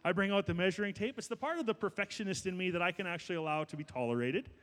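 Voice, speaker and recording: A man preaching a sermon as pastor, building to loud, fervent exhortation. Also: high voice, rapid-fire, big-room sound.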